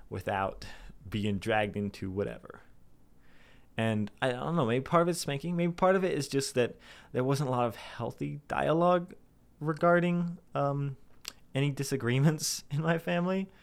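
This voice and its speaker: A young man in a candid personal vlog, rambling and self-deprecating as he talks things through. He restarts sentences often and swears casually. His voice sits at an ordinary middle pitch for a man. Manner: puts on anxious inner voices in a sudden high pitch. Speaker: vlogger. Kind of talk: candid personal monologue to camera.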